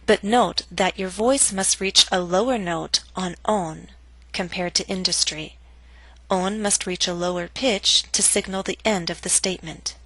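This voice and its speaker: A woman teaching English pronunciation, reading scripted instructions and slow model sentences for learners to repeat. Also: on the low side, a bit bright, dry recording, poor audio.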